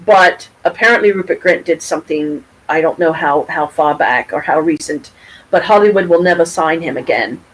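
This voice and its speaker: A middle-aged woman from Michigan telling a story to her camera at home, rambling and animated, with frequent restarts and casual swearing. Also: low-pitched, moderate pace, slight background noise, poor audio. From Pontiac, Michigan, USA. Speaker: vlogger. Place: at home, with her cat nearby.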